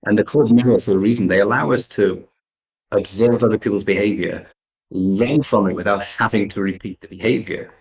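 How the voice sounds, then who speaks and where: English man, very low voice, animated storyteller, restarts sentences, interview guest. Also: brisk, creaky, low-quality recording. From England. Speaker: guest entrepreneur.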